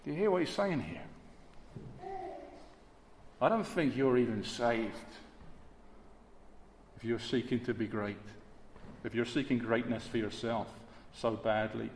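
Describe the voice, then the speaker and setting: A man preaching a sermon, emphatic and rhetorical, moving between hushed and forceful delivery. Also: mid-range voice, measured pace, long pauses. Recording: echoey hall, long reverb, faint background hiss.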